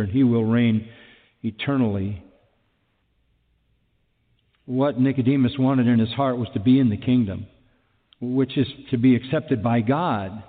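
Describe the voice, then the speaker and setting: A man's voice: medium pitch, in a large hall, phone-quality sound. A man preaching a sermon emphatically, repeating key phrases and asking rhetorical questions.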